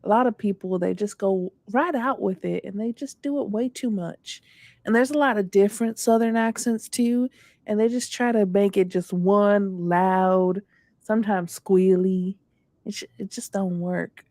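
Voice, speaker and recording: A woman's voice: medium pitch, measured pace, dark tone, no echo, studio quality. A young woman from South Florida, co-hosting a casual chat, telling stories and laughing often. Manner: chatty storyteller who laughs often. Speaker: podcast co-host. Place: home in Miami.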